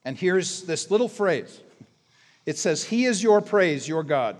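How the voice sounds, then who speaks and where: A man preaching a sermon, animated and emphatic, swinging between soft asides and loud exclamations. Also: high voice, unhurried. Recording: long reverb of a large hall.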